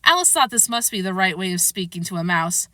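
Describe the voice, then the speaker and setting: A woman reading a children's classic aloud in a lively, expressive way. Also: lowish voice, brisk, dry recording. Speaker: storybook reader.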